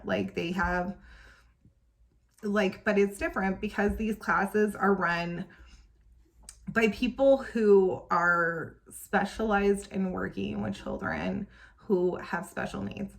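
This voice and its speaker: A young woman with a gravelly, mid-range voice that's a bit bright tells a personal story as a parent vlogger. Emotional and occasionally tearful, she scatters "um" and "like" throughout.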